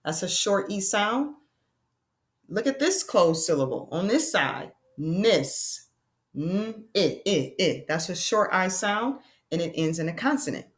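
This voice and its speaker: Very animated and medium in pitch, this teacher addresses her young students as friends. She encourages them patiently and takes her time sounding out letters.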